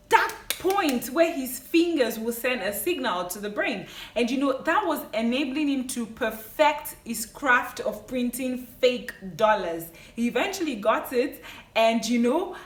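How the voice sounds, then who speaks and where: A woman's voice: a little high, fairly bright tone. A woman giving an enthusiastic, chatty movie review vlog, talking straight to her viewers and wandering off on side points. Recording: roomy echo, mic at a distance.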